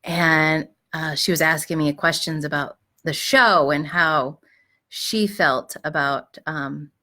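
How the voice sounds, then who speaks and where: Middle-aged woman host, low-pitched yet bright and forceful tone, gentle advice talk with fillers. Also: fairly even intonation, slow. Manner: gentle, reflective, frequent fillers and restarts. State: clearing her throat. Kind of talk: live-streamed advice talk.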